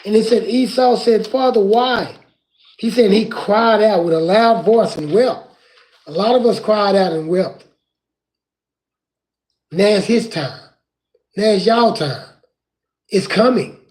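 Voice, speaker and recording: A man preaching from scripture in an impassioned way, rising at times to crying shouts. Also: sits high, measured pace, pauses often.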